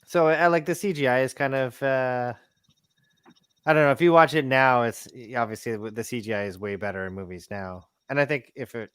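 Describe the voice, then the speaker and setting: A man in a casual movie chat, rambling with many restarts and growing animated. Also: medium pitch, brisk, clean tone, no echo. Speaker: podcast guest.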